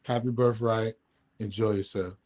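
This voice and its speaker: A man's voice: on the low side, steady tone, normal speed, darkish tone. A man from Chicago, a regular podcast contributor, chatting in a laid-back, joking way. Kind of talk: casual podcast chat.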